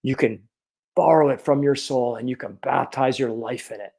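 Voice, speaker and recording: A chiropractor in his fifties telling a personal story in an animated, earnest way. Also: medium pitch, normal speed, gravelly. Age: 50s.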